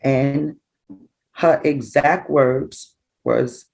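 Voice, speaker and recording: A middle-aged woman, a grieving mother recounting events in an interview, animated and acting out what people said. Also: very deep voice, drawn-out words, gravelly, low-quality recording. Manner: animated, acts out quoted dialogue. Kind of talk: emotional personal storytelling.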